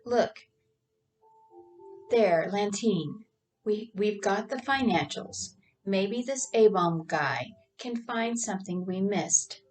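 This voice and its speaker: Lady reading as a nervous young guy, earnest, slow-ish, distant mic. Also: mid-range voice, lively intonation, a little mellow, soft background music. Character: young man, loyal, nervous friend.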